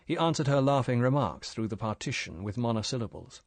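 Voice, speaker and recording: This is a man's audiobook narration, paced evenly and measured like a storyteller's. It's scripted, and his mid-range voice carries no echo.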